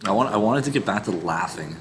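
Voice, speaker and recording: A man's voice: fairly low pitch, lively intonation, fast talker, noisy background. A man reacting to videos in a rambling, incredulous way, swearing often and trailing off into laughs. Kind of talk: rambling casual reaction commentary.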